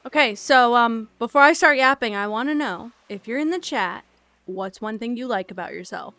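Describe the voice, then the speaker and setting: A woman's voice: on the high side, normal speed, pushed and bright. A young woman streamer chatting casually, ranting and swearing while she eats. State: eating while talking. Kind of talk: casual live-stream chat.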